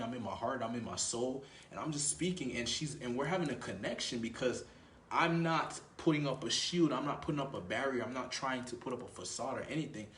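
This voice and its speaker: A man's voice: medium pitch, slight background noise. Man, dating coach, casual, swears freely, acts out both sides of a chat, echoey grocery store. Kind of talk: casual instructional monologue.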